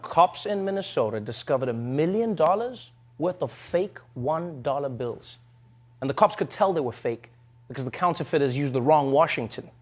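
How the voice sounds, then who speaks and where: A man's voice: on the high side, expressive, moderate pace. A man performing a stand-up comedy routine, joking and laughing through his punchlines.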